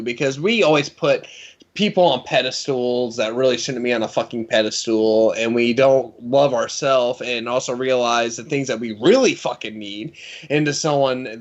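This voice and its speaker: A man who is a guest on a livestream, talking earnestly about his life, swearing and saying dude a lot. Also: medium pitch. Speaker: guest occultist. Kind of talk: casual livestream chat. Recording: dull lo-fi stream audio.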